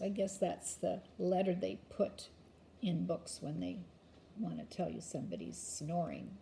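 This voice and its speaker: An older woman, a grandmother, gently reading a picture book aloud to a child with chatty asides. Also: lowish voice, expressive, measured pace, creaky, a little hiss or hum.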